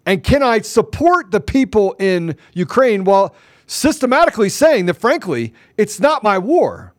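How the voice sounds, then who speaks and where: High-voiced fervent male talk show host. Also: dry recording, studio quality. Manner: fervent, ranting, rhetorical questions. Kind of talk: impassioned political commentary.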